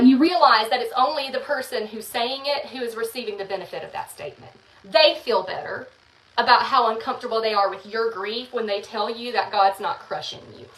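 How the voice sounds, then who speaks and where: A woman talks candidly in a casual confessional vlog, in a voice pitched a touch high. She sits back from the mic, and the room rings around her words. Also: a bit bright. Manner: candid, frank, earnest. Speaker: online content creator. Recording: roomy, some distance from the mic.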